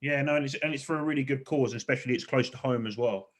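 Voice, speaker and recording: A man's voice: medium pitch, very fast. A man co-hosting a casual podcast chat, rambling, swearing and laughing often. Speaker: podcast co-host.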